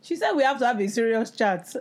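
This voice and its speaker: A woman's voice: fairly high pitch, animated, fast talker. Young woman, podcast co-host, casual storyteller, mimics others. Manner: storytelling, acts out quoted people. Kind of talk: casual chat.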